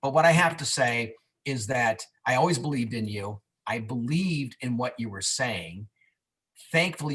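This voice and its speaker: A man talks through a video call, laughing at himself as he tells his story. His voice sounds forceful, at a middle pitch. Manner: candid, self-mocking storyteller. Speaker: guest on a business video call. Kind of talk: casual testimonial chat.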